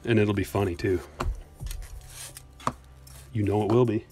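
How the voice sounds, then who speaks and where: Against a noisy background, a man on the low side of pitch speaks steadily and a little slowly while breaking trading card packs live. A bit out of breath, the streamer jokes around casually and reads and answers his chat aloud.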